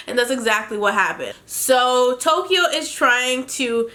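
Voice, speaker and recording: Bright, chatty young woman recapping shows. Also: high voice, animated, measured pace, hardly any pauses. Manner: chatty, opinionated, laughs while retelling. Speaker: reality TV recap host. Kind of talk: casual recap vlog.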